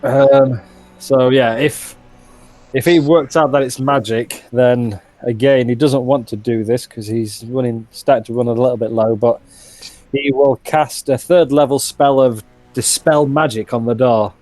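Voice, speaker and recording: A man's voice: medium pitch, steady tone, measured pace, a little mellow, no room sound, soft background music. A man playing a tabletop game, thinking aloud with hesitant restarts as he plans his character's moves. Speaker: player.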